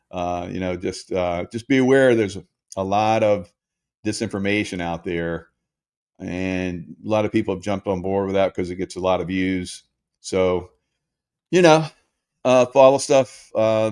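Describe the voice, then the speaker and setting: A man's voice: fairly low pitch, darkish tone, smooth. A man in his sixties, hosting a casual monologue for his followers, rambling with frequent hesitations and restarts. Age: 60s. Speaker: host.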